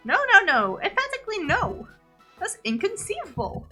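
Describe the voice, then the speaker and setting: A woman's voice: very high-pitched, wildly swooping pitch, normal speed, sharp tone, soft background music, voice pushed up, heavily acted. Chatot, a woman doing a prim parrot. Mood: fussy. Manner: prim, emphatic scolding. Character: fussy pompous male parrot assistant.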